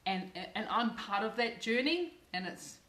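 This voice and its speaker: A woman's voice: a little high, expressive, measured pace, a bit bright, echoey room. A middle-aged woman hosting a live cooking channel video, effusive and emotional, repeating words for emphasis.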